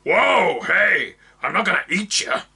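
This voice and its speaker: A man voicing a big, gruff but friendly female orc who bellows and talks brusquely. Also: sits high, very animated, a little slow, pushed and bright, far from the mic, pitched above the performer's own voice, exaggerated voice.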